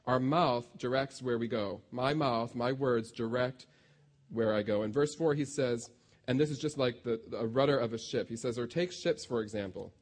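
A man's voice: mid-range voice, moderate pace. A man preaching a sermon as a pastor, conversational and self-deprecating as he tells stories to his congregation.

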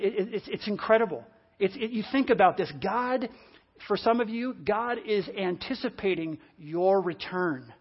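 A preacher in full sermon mode, leaning hard on repeated phrases and dropping from loud, driven emphasis to near-hushed stretches. The voice sits at a middling pitch. The recording is dull and lo-fi, with the top end muffled. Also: husky.

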